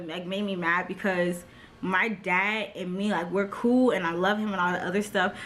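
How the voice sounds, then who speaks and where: A young woman in her twenties talking casually in a storytime vlog, chatty, full of "like" and quick laughs. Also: medium pitch, a bit bright, slight background noise. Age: 20s. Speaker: vlogger.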